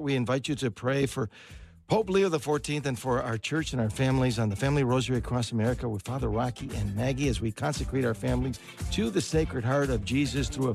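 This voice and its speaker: A radio host talks in a slow, halting way, with many small fillers between his phrases. His voice has a gravelly, creaky edge, and faint music sits behind it. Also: medium pitch, a little mellow. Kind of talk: radio show hosting.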